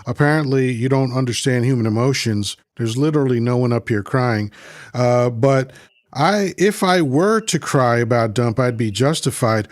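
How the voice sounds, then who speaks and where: In clean studio sound with no echo, a medium-pitched man delivers a heated political rant on his livestream. He reads out chat comments, mocks and fights with them, and says the same things over and over.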